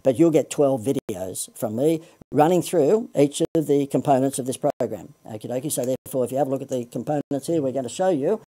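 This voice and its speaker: Australian male marketing coach, salesy livestream patter, mellow low voice. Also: brisk. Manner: chatty, self-deprecating, salesy.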